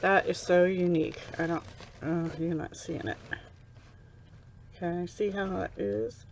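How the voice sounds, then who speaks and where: A middle-aged American woman chats unhurriedly, in a fairly low voice, as she unboxes handmade crafts. She gushes and is easily touched. Her home recording sounds dull and lo-fi, with a faint hiss behind her. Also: fairly even intonation, a little slow, creaky. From USA. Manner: chatty, gushing, easily touched. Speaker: crafting vlogger. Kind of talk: casual unboxing chat.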